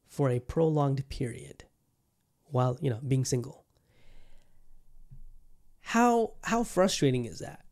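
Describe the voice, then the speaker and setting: A man's voice: mid-range voice, a little mellow. Candid, profane man in his thirties. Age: 30s. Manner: candid, profane, rambling with many restarts. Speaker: podcast host. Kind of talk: casual solo podcast chat.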